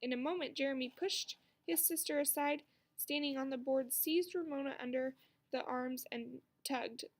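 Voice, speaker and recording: A woman reading a children's book aloud with expressive storytelling. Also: sits high, moderate pace. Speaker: narrator.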